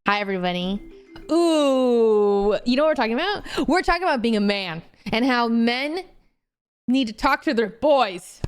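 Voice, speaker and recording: A young woman streaming and chatting casually, animated and swearing freely as she gets heated. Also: fairly high pitch, moderate pace, smooth, soft background music. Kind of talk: casual chat.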